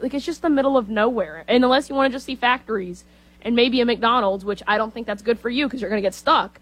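A female co-host chats casually with animated, emphatic delivery. Her voice sits fairly high for a woman. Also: fast. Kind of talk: casual talk show chat.

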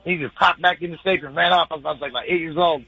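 Fast, excitable slangy male radio caller. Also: fairly high pitch, vocal fry, breathy edge, no echo, dull audio. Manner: excitable, slangy, rambling with lots of "bro" and "like". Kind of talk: casual call-in chat.

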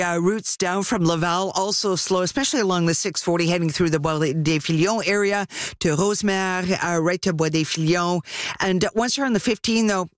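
A woman giving a relaxed, chatty radio traffic report. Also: on the low side, dry recording, studio quality.

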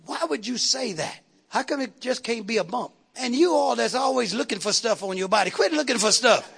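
A man's voice: very high voice, expressive, brisk, creaky, few pauses, fairly bright tone, husky, a faint crowd. A man preaching a fiery sermon, calling out to the congregation and repeating words for emphasis.

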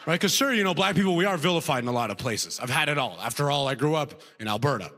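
A man's voice: on the high side, lively intonation, fast, big-room sound, noisy background. A man from Sudan doing a conversational stand-up set on a comedy club stage, checking in with the crowd as he goes.

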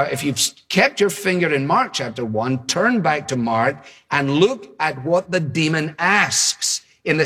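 A man's voice: fairly high pitch, a bit bright, husky, in a large hall. A man preaching a sermon, driving his points home with emphatic, repeated phrases. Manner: emphatic, repetitive, building phrases.

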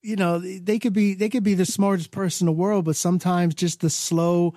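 Halting easygoing male co-host. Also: sits high, steady tone, warm tone, no room sound, clean studio sound. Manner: halting, restarts often, easygoing. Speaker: radio show co-host. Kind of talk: casual chat.

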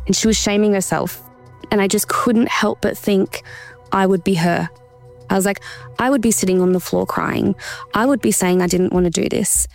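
A woman giving earnest, measured interview answers about a hard personal experience. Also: medium pitch, vocal fry, darkish tone, faint music behind. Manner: earnest, measured, acts out quoted voices. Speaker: interview guest, survivor telling her story.

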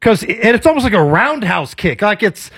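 A man's voice: high-pitched, sing-song, moderate pace, a bit bright, husky, no echo. A man co-hosting a radio talk show in a studio, joking around and laughing often. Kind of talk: casual morning radio banter.

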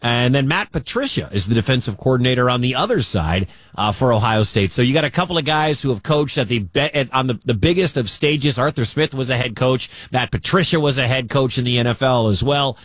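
A man's voice: medium pitch, lively intonation, a bit bright, dry recording, studio quality. A man with a Midwestern accent hosting a sports talk radio show in a chatty, conversational way. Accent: Midwestern American. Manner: chatty, conversational, quick asides.

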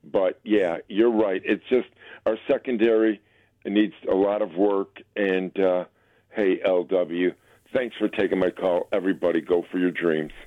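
A male caller with a fairly low voice, heard over a dry, tinny phone line. He talks in an easygoing, hesitant way and fills the gaps with ums and uhs. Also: fairly even intonation, a little slow, no room sound. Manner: easygoing, hesitant, with many fillers. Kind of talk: phone-in call.

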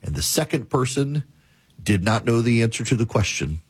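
A male talk show host telling a story and giving commentary in a measured, repetitive cadence. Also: medium pitch, animated, breathy edge, dry recording.

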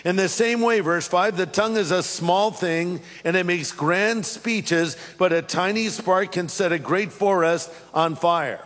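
A man with a high voice delivers a sermon in a reverberant hall. He tells an animated personal story, then slows down to read scripture aloud. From California. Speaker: pastor.

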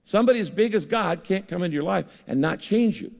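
A man's voice: sits high, expressive, quick pace, creaky, a little mellow, in a large hall. An older man preaching a sermon in an earnest, conversational way, speaking to a large church auditorium. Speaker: pastor.

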